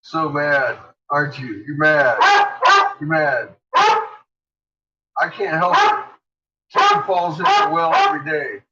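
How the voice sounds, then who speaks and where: A man at home, chatting and teasing his dogs with a lively, swinging pitch and a fairly high voice. He swears casually. The sound is dull and lo-fi, with clear background noise. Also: slow, pauses often. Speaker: pet owner. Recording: dull, noisy home recording.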